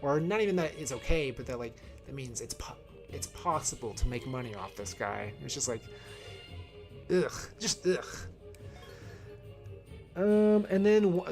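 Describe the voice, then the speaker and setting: A man talking casually while playing a video game, rambling and correcting himself as he thinks aloud, wearing headphones. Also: fairly high pitch. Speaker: video game streamer reviewing films. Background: faint game music.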